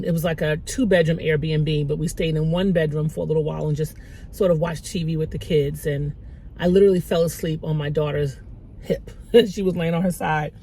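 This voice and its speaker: Middle-aged woman, faith vlogger, gravelly fry in her voice, candid and rambling. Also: low-pitched, dark tone, a little hiss or hum. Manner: candid, rambling, emotional, repeats herself. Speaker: Christian motivational vlogger. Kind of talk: heartfelt personal vlog.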